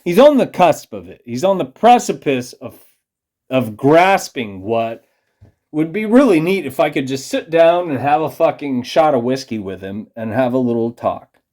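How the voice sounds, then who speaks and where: Man, tipsy vlogger, rambling profane conspiracy rant, dark mellow tone. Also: mid-range voice, big pitch swings, moderate pace. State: tipsy from drinking beer. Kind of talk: rambling monologue to camera.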